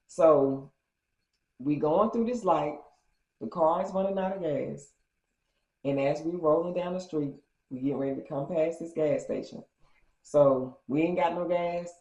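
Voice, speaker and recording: A young woman telling a funny story in a casual, animated way, slipping into her friends' voices. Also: low voice. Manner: animated, acts out quoted friends in slangy speech. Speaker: storytime vlogger. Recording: roomy, slightly dull sound.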